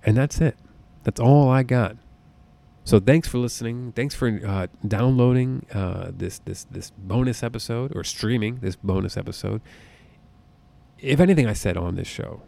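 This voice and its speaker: A man hosting a solo podcast, talking casually in an excitable, jokey, profane way. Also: medium pitch, moderate pace, vocal fry. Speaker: podcast host. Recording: close podcast mic.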